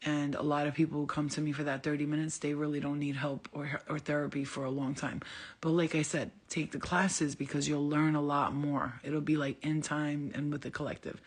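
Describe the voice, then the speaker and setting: A woman's voice: deep voice, level tone, brisk. A woman hosting a casual livestream as a spiritual healer, talking bluntly and profanely and laughing often as she answers viewers. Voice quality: gravelly, husky.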